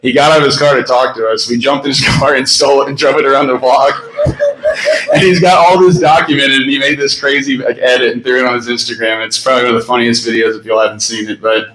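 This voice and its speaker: A man's voice: mid-range voice, fairly even intonation, fast, few pauses, fairly bright tone, roomy sound, low-quality recording. A man in his thirties giving a rambling, story-filled memorial speech with fillers and laughter. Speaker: eulogy speaker. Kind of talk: memorial speech with personal stories. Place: memorial gathering in a room.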